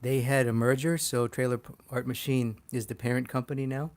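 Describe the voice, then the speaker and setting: A man, a poster artist teaching casually on a livestream, excitable, swearing freely and laughing often. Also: medium pitch, a little fast.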